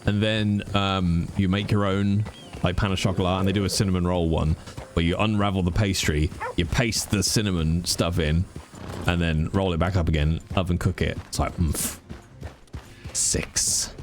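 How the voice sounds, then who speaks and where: A man streaming a game, chatting casually, animated and swearing freely as he rants. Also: sits low, moderate pace, slight background noise.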